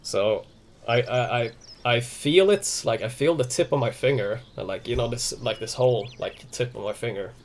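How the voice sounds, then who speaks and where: A man's voice: medium pitch, normal speed. Rambling young man streaming a game. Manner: rambling, many restarts and fillers, swearing freely. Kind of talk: casual live-stream chat.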